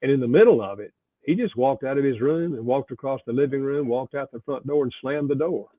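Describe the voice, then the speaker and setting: A man's voice: mid-range voice, brisk, no room sound. Older man on a tinny phone line. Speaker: author and pastor guest. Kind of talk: reflective storytelling interview.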